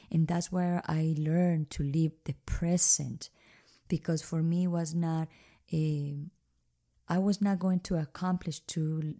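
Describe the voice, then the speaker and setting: Woman, lowish voice, warm mellow tone, halting, earnest, non-native english, restarts. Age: adult. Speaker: kidnapping survivor telling her story. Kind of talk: personal testimony.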